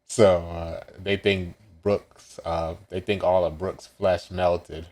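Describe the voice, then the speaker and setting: A man's voice: low voice, level tone, takes it slowly, a little mellow. A man casually recapping a manga chapter as he reacts live, hesitant and full of ums and self-corrections.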